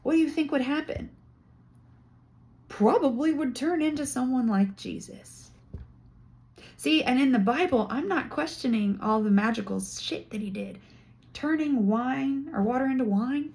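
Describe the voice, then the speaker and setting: A woman's voice: high-pitched, expressive, normal speed, a little mellow. A woman talking straight to camera in a casual monologue, indignant and emphatic as she builds her case. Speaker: vlogger.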